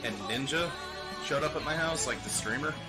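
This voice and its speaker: A man of middle pitch rambles to his viewers in a loose, animated way. He laughs, swears freely and keeps going. Music plays clearly behind him on the stream. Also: moderate pace. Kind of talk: casual chat with stream viewers. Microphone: desk microphone.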